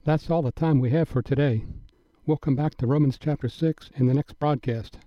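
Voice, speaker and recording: A man delivering a scripted radio Bible teaching in a measured, earnest and emphatic manner. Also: mid-range voice, dry recording. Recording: dry, dull lo-fi broadcast audio.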